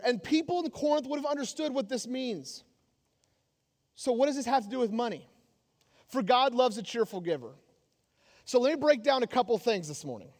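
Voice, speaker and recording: A male pastor delivering an animated, joking sermon in a church, with a very high voice for a man. He presses his points with emphasis. A long hall reverb rings after his words. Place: church sanctuary.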